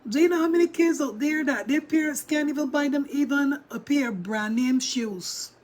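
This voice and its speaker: A woman's voice: sits high, moderate pace, darkish tone. A woman vlogger chatting casually to her viewers and reading out their chat as she reacts to a video. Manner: chatty, talks straight to viewers and reads chat. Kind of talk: casual livestream commentary.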